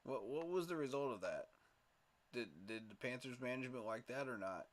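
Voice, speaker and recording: A man's voice: medium pitch, lively intonation, fairly quick. A man hosting a casual solo livestream, thinking aloud in a tired, muttering way and often repeating himself. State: tired, yawning. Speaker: fan podcast host.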